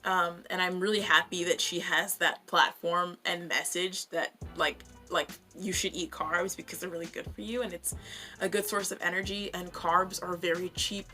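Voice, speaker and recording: A woman's voice: mid-range voice, sharp tone. A young woman giving casual, blunt, profane commentary as she roasts other creators in her vlog, chatty and full of fillers. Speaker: vlogger reviewing other creators.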